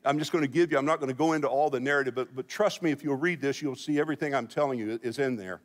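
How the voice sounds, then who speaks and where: A man's voice: medium pitch, very fast. A man preaching a sermon as senior pastor, conversational and joking with the congregation. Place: church sanctuary. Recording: long church hall reverb.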